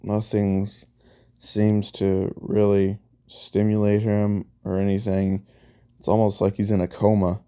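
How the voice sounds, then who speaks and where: Blunt protective dad type read by a guy, slow, deep mellow voice. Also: completely flat delivery, clear, resonant tone.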